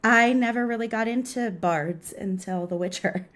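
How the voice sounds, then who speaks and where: A woman co-hosting a podcast, chatting casually about a TV episode with a wry, teasing manner, laughing at dark moments. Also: on the high side, moderate pace. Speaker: podcast co-host. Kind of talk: casual chat recapping a TV episode.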